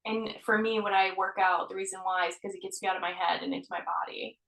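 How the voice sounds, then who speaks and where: An earnest woman guest talks about healing in lively, open conversation, laughing often and dropping the odd curse. Her voice sits at a middle pitch and carries a noticeable roomy echo. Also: fast talker, vocal fry. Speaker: healer and guest. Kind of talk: casual conversation.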